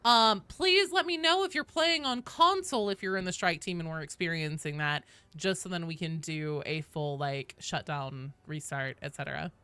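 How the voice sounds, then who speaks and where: Woman in her 30s streaming games, bright voice, jokey chatter w/ chat, blows up swearing sometimes. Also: sits low, moderate pace, few pauses, clear, resonant tone. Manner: chatty and jokey, breaks into loud swearing outbursts. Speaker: game streamer. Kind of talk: casual live-stream chat answering viewers.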